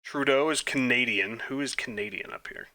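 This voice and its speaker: A gaming YouTuber with a medium-pitched, pushed, bright voice talks at a moderate pace. Playing an online trivia quiz, he thinks aloud, mutters answers, breaks into flustered outbursts and mocks himself.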